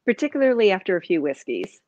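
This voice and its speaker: A woman's voice: mid-range voice, sing-song, fast talker, a little mellow, no echo. A woman hosting a podcast, chatting casually and teasing her guests. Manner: playful and teasing. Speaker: podcast host. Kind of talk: casual interview chat. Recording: slightly dull, lo-fi sound.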